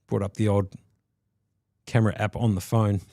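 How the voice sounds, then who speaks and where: A man, fairly low in pitch, gives jokey play-by-play on a live poker stream. He sounds close and dry, with no room around him. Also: level tone, moderate pace, creaky, dark tone, no room sound. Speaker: poker commentator. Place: commentary booth.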